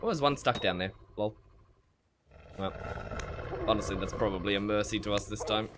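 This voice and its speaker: Playing a survival game live, this man chats with viewers, comments on his battles, mutters to himself and laughs frequently with lively energy. His pitch is fairly low and his pace moderate, with a little hiss or hum in the audio.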